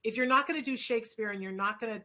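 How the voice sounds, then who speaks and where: A woman's voice: fairly high pitch, very fast, pushed and bright. A woman hosting a talk show, chatting in a rambling, opinionated way with many restarts. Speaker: show host. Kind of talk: casual chat.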